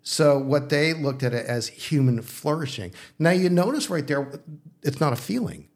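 A man with a rough, gravelly edge, chatting casually as a pastor. He works through ideas aloud, restarting sentences and checking in with his co-host, with a playful streak. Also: fairly high pitch, very animated, moderate pace. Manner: thinking aloud, with restarts and frequent "okay?" check-ins; playful, teasing. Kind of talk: casual discussion on faith and philosophy.

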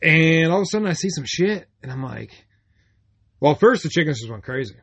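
A man's voice: fairly high pitch, very animated, a little fast, slightly rough. A man from Michigan co-hosting a podcast, talking in a blunt, joking, profane way. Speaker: podcast co-host. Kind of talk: casual chat. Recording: dull lo-fi sound.

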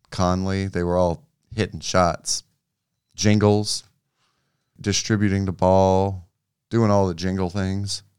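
Low, smooth-voiced sports podcast guy. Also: no room sound, studio quality. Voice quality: relaxed, restarts and trailing phrases. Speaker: podcast co-host. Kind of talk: casual sports chat.

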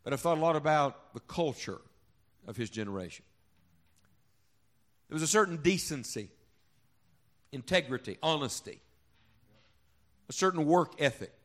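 A man preaching from the pulpit with a somewhat high voice. He keeps throwing rhetorical questions at the congregation and gets them to call back to him. His delivery swings from punchy, loud emphasis to soft, low reflection. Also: expressive, normal speed, pauses often. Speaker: pastor. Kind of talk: sermon. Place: church sanctuary before a congregation.

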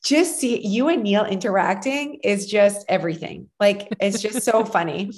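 Animated woman telling stories. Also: medium pitch, normal speed. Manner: animated storyteller, acts out quotes, laughs often. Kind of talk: casual chat.

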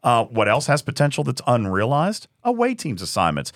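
A man co-hosting a podcast, talking in an emphatic, animated way and often repeating words as he argues a point. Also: mid-range voice, normal speed. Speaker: podcast co-host. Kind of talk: casual debate chat.

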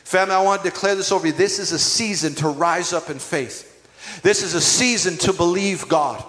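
A man's voice: high-pitched, moderate pace, a bit bright. A man preaching a sermon as pastor, emphatic and calling out to his congregation. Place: church hall. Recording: echoey hall with music behind.

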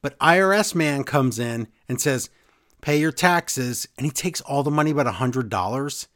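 Animated man retelling a show. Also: medium pitch, a little fast. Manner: animated storyteller, mimics people in quotes. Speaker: podcast co-host recapping wrestling. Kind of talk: casual chat.

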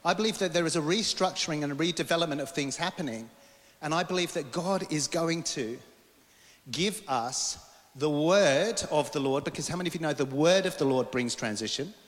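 A male preacher giving an animated sermon to a congregation and getting them to repeat words back. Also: a little high, fast talker, big-room sound. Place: church hall.

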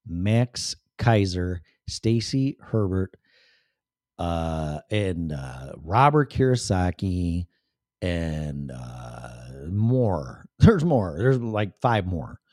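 A man's voice: sits low, darkish tone, no room sound, studio quality. A man hosting a livestream in a casual ranting monologue, profane and rambling, with sudden shifts of voice. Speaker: livestream host.

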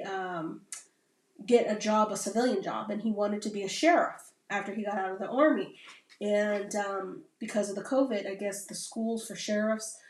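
A woman's voice: mid-range voice, a little mellow. Woman talking in a roomy, distant recording. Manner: rambling, keeps adding "right?" tags. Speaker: Navy veteran. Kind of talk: casual podcast conversation. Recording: roomy sound from a distant mic.

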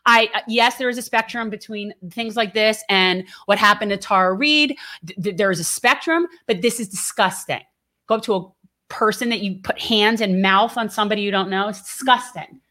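An outspoken woman co-hosting a casual political talk show. She talks with animated emphasis and pushes hard on the words she cares about. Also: mid-range voice, moderate pace. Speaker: co-host.

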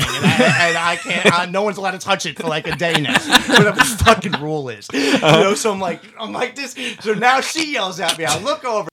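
A man's voice: high-pitched, fairly quick, a crowd in the background. A man telling a comic story in casual chat, swearing often and laughing as he talks. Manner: profane, laughing, animated storytelling.

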